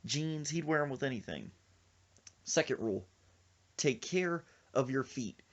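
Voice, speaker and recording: A man hosting a podcast, telling a comic story in an animated way and acting out the voices in it. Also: medium pitch, a little slow, dull audio. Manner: animated, acts out the voices he tells about. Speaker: podcast host.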